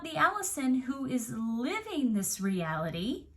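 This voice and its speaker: A woman's voice: a little high, animated, takes it slowly, fairly bright tone. A young adult woman coach giving an earnest, reflective self-help talk straight to the viewer. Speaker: manifestation coach.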